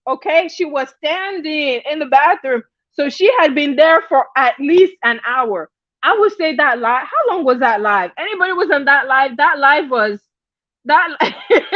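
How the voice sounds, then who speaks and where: A high-voiced woman gossips casually to her livestream viewers and breaks off to greet them by name. She laughs a lot as she tells the story. The sound is dry and dull, like lo-fi stream audio. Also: fairly bright tone, no room sound. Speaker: livestream host.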